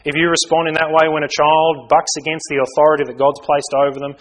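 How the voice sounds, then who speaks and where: A man preaching a sermon in an earnest way, swinging from loud emphasis down to quiet, low asides. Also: level tone, quick pace, low-quality recording. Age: young adult to middle-aged.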